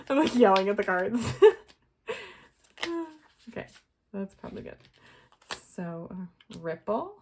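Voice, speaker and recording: A woman's voice: medium pitch, animated, slow pace, long pauses, a little hiss or hum. A young woman giving a casual tarot reading to her viewers, chatty and rambling, full of fillers and little laughs. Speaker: tarot reader.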